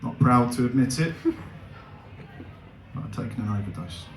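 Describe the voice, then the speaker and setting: A young man doing stand-up comedy, animated and laughing, with big swings in pitch. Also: moderate pace, echoey room, slight background noise.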